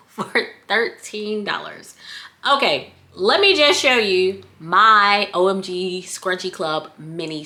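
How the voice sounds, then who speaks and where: On her vlog, a Southern US woman who owns a scrunchie shop reviews a product in a chatty, playful way, now and then breaking into sing-song bits. She speaks at medium pitch, sounding pushed and bright.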